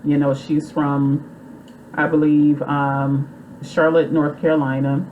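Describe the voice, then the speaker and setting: A woman with a low voice recaps a movie plot in a rambling, chatty way, loose and full of fillers. A faint hiss of noise sits under her voice. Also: flat delivery, slow pace, muffled recording. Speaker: movie reviewer.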